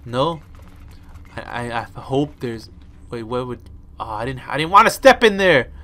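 A young man giving excitable let's play commentary, talking to himself and trash-talking enemies with some swearing. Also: medium pitch, unhurried. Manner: excitable, talks to himself while playing. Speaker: gaming video host. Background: faint background music.

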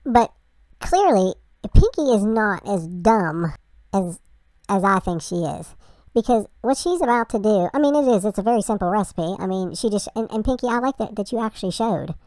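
A woman's voice: medium pitch, animated, moderate pace, darkish tone, dry recording. A woman hosting a reaction video, chatting bluntly and rambling through asides. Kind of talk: casual reaction commentary.

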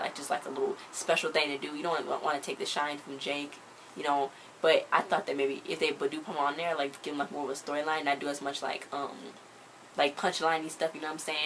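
A woman giving a casual, chatty episode recap, peppering her talk with "like" as she retells scenes in an animated way. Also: low-pitched, a little hiss or hum, low-quality recording. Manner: chatty, full of "like" fillers. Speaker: show recap host.

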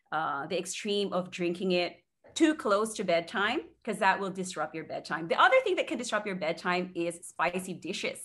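A woman sleep expert talks through her advice with an easy, chatty warmth. She leans on her words for emphasis and laughs lightly between points. She has a mid-range voice. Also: mid-range voice. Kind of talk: casual podcast advice.

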